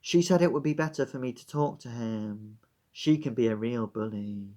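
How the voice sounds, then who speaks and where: A man reading aloud as a dull, flat-voiced woman diarist in her thirties, in a put-on Brummie accent. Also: medium pitch, moderate pace, close to an everyday voice. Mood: deadpan.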